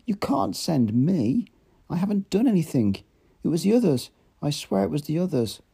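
A man's voice: very animated, normal speed, creaky, mellow, breathy edge, exaggerated voice. A man voicing a frantic, tearful young man begging not to be sent away in an audiobook reading. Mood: pleading, sobbing. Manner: pleading, tearful and high-strung.

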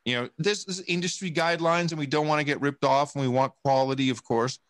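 A man's voice: on the high side, quick pace, fairly bright tone, no echo, clean studio sound. A man talking in a casual interview, rambling and emphatic, swearing often and restarting his sentences. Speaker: podcast guest. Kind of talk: casual conversation.

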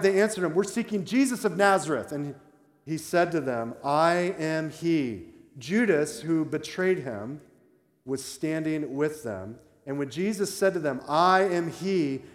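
Emphatic preacher in an echoey church. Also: male voice, a little high. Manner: conversational, emphatic preaching with asides. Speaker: pastor. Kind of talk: sermon. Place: church sanctuary. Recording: echoey church hall reverb.

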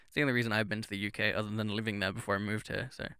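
A man's voice: lowish voice, little pitch movement, rapid-fire, sharp tone, clear, resonant tone, dry recording. A young man with a southern English accent in casual chat, making dry, sarcastic jokes. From southern England.

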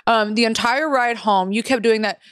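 A woman's voice: fairly high pitch, moderate pace, a bit bright, smooth, no echo. Woman podcast co-host, blunt and sarcastic, dry close mic. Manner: blunt, sarcastic, swears a lot. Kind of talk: casual chat.

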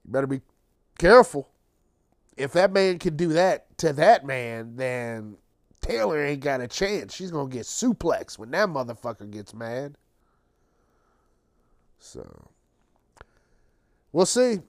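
Slow, profane ranting man, podcast host. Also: medium pitch, animated, no room sound, clean studio sound. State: tired, late at night. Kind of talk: casual solo monologue.

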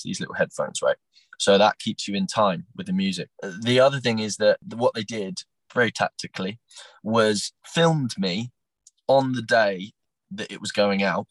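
A young man recounting his time as a talent show contestant, animated and acting out what others said, with plenty of restarts. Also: lowish voice, dry recording, rough recording. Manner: animated storyteller, acts out quotes, frequent restarts. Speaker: podcast guest, former talent show contestant. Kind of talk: casual interview storytelling.

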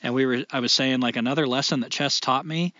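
A man's voice: medium pitch, fairly even intonation, fast, bright, forceful tone, no echo. A reflective man co-hosting a casual podcast, leaning hard on his points and dropping the odd curse. The recording is dry and a little dull, like a lo-fi home setup. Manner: reflective, emphatic, swears casually. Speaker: podcast co-host.

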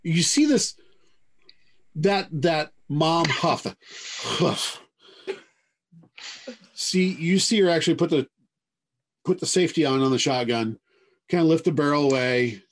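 A man narrating a tabletop game as game master, telling the scene with many hedges. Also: fairly high pitch. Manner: drawn-out storytelling with many hedges.

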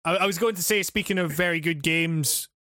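High-voiced young man, dry and rambling. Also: brisk, bright, forceful tone, no echo. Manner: rambling, profane, laughs often. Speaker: podcast co-host. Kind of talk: casual chat.

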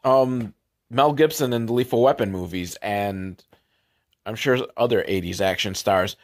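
A man hosting a podcast, recapping a movie in a rambling, comedic way with sarcastic asides that sometimes drop to a low mutter. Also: a little slow. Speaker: podcast host.

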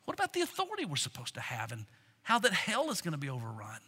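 Eager male disciple, high and exclaiming, put on by a preacher, hall reverb. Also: huge pitch swings, fast talker, sharp tone, husky, exaggerated voice. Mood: alarmed. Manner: exclaiming, pleading.

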